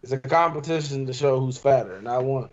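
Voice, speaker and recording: A young man telling a long, animated story in casual chat with friends. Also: mid-range voice, a little fast, a little hiss or hum. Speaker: podcast co-host. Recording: dull lo-fi sound.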